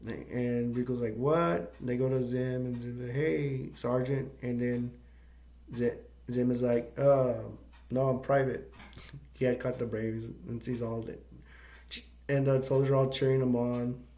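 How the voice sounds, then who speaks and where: A man's voice: medium pitch, monotone, normal speed, warm tone. A man hosting a movie review channel, retelling a film's plot in a casual, rambling way and often searching for words. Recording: echoey room.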